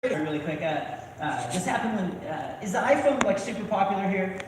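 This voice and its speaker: Animated man doing stand-up in echoey hall. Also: high voice, a little fast, slight background noise. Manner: animated storytelling with frequent self-interruptions. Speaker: stand-up comedian. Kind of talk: live stand-up comedy. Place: church event hall with live audience. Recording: far mic in echoey hall, loud crowd laughter.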